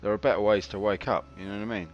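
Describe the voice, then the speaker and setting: A game streamer gives casual live commentary on his own play, chatty, wry and self-mocking, with a lowish voice, fairly even intonation and a racing pace. The stream audio is slightly dull, with faint game music underneath.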